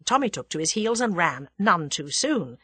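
A woman narrating a story in an expressive audiobook reading. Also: on the low side, moderate pace, husky, no echo. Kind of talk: scripted narration.

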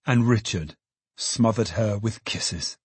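Man, audiobook narrator, expressive, husky, dry recording. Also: on the low side, slow, no echo. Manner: expressive storyteller, lively.

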